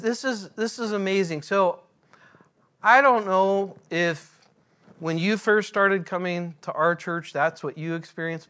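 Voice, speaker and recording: A man preaching a sermon in a church as pastor, earnest and deliberate, drawing out his phrases. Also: sits high, a bit bright.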